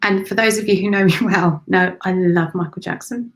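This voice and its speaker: A woman doing live spiritual readings for viewers, speaking softly and affectionately, with sighs and drifts into whispers. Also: mid-range voice, steady tone, moderate pace, rough recording. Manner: emotional, breathy sighs and gushing warmth. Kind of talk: live-streamed channelled readings.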